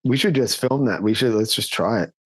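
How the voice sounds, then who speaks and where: Young male podcast co-host, mid-pitched, relaxed storyteller, laughs easily. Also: a little fast, husky, dry recording. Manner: laid-back, laughs often, tells stories. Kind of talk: casual comedic chat.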